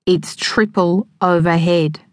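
A calm, firm father, as a woman narrator reads him speaks slowly and steadily, holding his ground. The voice sits fairly low and the sound is close and dry, as in a storybook reading. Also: no echo, close to an everyday voice.

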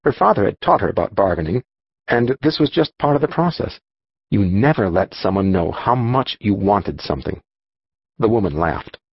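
A man narrating a children's audiobook in an expressive storytelling manner. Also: fairly low pitch, moderate pace, breathy edge, dry recording, highs cut off. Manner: expressive storytelling, voicing dialogue.

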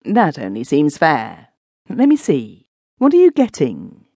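A woman's voice: sits low, wildly swooping pitch, warm tone, husky, no room sound, clean studio sound, full character voice. Woman reading as uneasy, hesitant master of the house. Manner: hesitant, straining to sound brisk. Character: uneasy middle-aged male master of the house. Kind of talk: audiobook reading.

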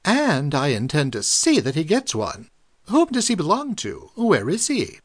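A man voicing a dignified, gray-haired older gentleman who speaks formally. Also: on the high side, wildly swooping pitch, a little slow, dry recording, clean studio sound, heavily acted. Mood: resolute.

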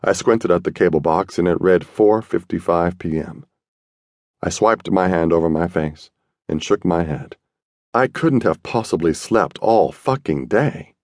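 A man narrating a first-person audiobook in a streetwise, slangy, gruff manner. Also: deep voice, unhurried, a little mellow, no echo, clean studio sound.

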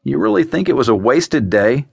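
A male narrator voicing a caring young woman who pleads softly in an audiobook. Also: medium pitch, very animated, moderate pace, vocal fry, slightly rough, no room sound, voice pushed up, full character voice. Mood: earnest. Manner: soft, pleading.

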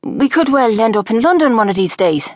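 A man's voice: extremely high pitch, animated, a little fast, no echo, studio quality, voice pushed up. A woman voicing a charming, bossy, hard-drinking father with a Dublin accent, in a storybook reading. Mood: wistful. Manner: bossy, blustering.

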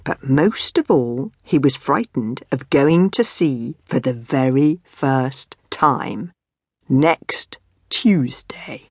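A woman reading her own children's book aloud, with a playful, expressive delivery and whispered asides. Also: extremely low pitch, takes it slowly, few pauses, slightly rough, no echo, studio quality. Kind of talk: expressive storybook narration.

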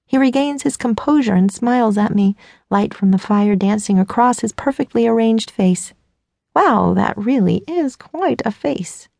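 A woman's voice: a little high, animated, normal speed, creaky, dark tone, no room sound. A woman narrating a first-person audiobook in a self-mocking, flustered voice, close to the mic.

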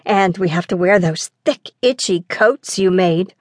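A woman's voice: on the low side, a little slow, dry recording, clean studio sound. A woman voicing a bold, curious boy prince who teases his older brother in an eager, fearless way.

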